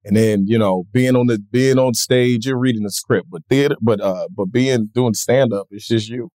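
A man being interviewed, telling stories in a relaxed, lively way and acting out other people's voices. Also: mid-range voice, normal speed, no echo, studio quality. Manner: animated, acts out voices in his stories. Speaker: comedian guest. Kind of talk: casual interview storytelling.

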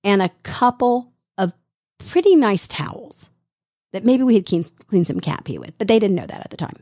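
A woman's voice: mid-range voice, moderate pace, no room sound, clean studio sound. A middle-aged woman co-hosting a radio show, telling a story in casual chat and acting out the quotes. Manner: animated storyteller, acts out quotes.

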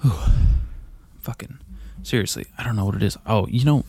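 A man's voice: on the low side, moderate pace, creaky, a little mellow, breathy edge. A man talking in a loose, profane, self-mocking monologue at his desk mic at home, a bit out of breath. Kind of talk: casual rambling monologue. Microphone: desk mic on a boom arm.

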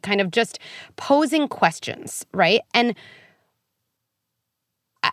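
A woman's voice: medium pitch, no room sound, studio quality. A woman psychologist, talking candidly and acting out what parents and kids might say. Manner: animated, candid, acts out quoted parents and kids. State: briefly tearful. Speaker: clinical psychologist, guest. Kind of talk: podcast conversation.

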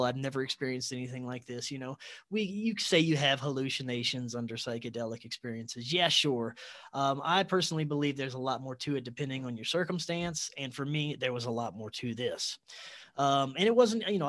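A man, a podcast guest, telling a personal story in an excitable way, with sudden jumps in loudness. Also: medium pitch.

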